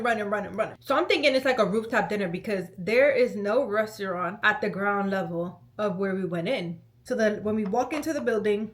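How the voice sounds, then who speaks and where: A young woman telling a storytime vlog in an animated, chatty way, full of "like" and "let me tell you". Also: medium pitch, slight background noise. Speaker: vlogger.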